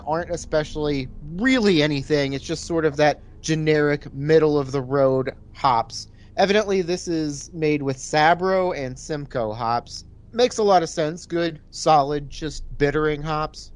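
A man co-hosting a casual podcast, talking loosely about a movie and reviewing a beer. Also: fairly high pitch. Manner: laid-back, conversational, swears casually. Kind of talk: casual chat.

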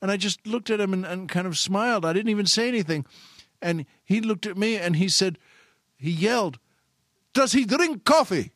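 A man telling a long personal anecdote in a rambling, halting way, repeating himself and correcting mid-sentence. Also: high voice, a bit bright, no echo, clean studio sound. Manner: repetitive, halting, self-correcting. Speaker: storyteller.

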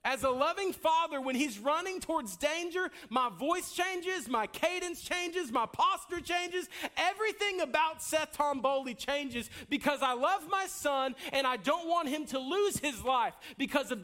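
A pastor, preaching a sermon with an emphatic, repetitive cadence that rises to near-shouts. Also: male voice, extremely high pitch, expressive, moderate pace.

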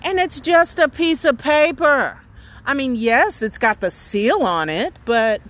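A young adult woman talking in a casual, self-deprecating video diary, shifting from hushed asides to excited storytelling. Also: high-pitched, a little slow. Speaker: vlogger. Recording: faint background noise.

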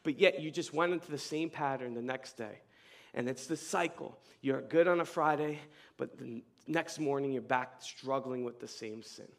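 A young man preaching a casual youth sermon, telling stories in slang with a voice that leaps up high and loud. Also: moderate pace, gravelly. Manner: animated storyteller, casual slang, voice jumps high and loud in retold scenes. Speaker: youth pastor.

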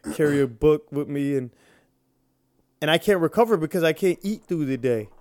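A young man with a hoarse, worn-out voice, co-hosting a casual podcast chat, joking and swearing freely. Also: on the high side, animated, fairly quick, a little mellow, dry recording. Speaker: podcast co-host.

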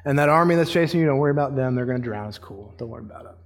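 A man voicing God as a casual, confident figure who talks in relaxed slang. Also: very high voice, a little fast, long reverb tail, voice pushed up. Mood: hushed reassuring. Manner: laid-back, slangy, reassuring.

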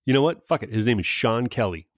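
A man's voice: medium pitch, lively intonation, quick pace, background noise. A man in casual podcast chat, telling a story with swearing and self-mocking jokes.

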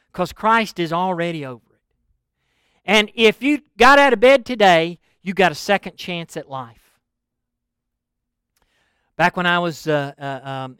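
A middle-aged preacher with a high, clean voice, delivering a sermon in a folksy, animated storytelling way. The sound is dry and close, with no room around it. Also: male voice, smooth, no echo.

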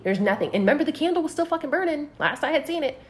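A woman's voice: sits high, very fast. A woman telling a personal story on a casual podcast, swearing freely and filling her talk with "like". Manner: profane, animated, heavy use of "like".

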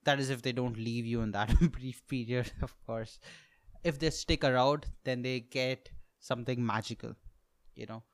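Man in his twenties, comedic podcast rant, swears a lot, smooth clear voice, dry close sound. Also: medium pitch, steady tone, moderate pace, dry recording. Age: 20s. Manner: profane ranting, laughs at own jokes, sudden loud outbursts. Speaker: podcast host, stand-up comedian. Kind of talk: solo comedic monologue.

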